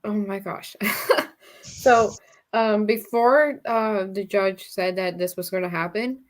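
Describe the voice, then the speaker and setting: A woman's voice: medium pitch, steady tone, takes it slowly. A woman chatting casually on a podcast, giggling as she talks. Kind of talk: casual chat.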